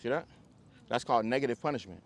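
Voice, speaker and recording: A man teaching a dog training class outdoors, coaching owners and breaking into high, excited praise for the dogs. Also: quick pace. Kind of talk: hands-on group class instruction.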